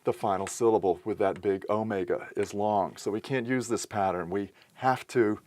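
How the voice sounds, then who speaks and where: Methodical male teacher, low voice. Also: fairly even intonation, normal speed, darkish tone. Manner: methodical, explains step by step with small self-corrections. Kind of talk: recorded lecture.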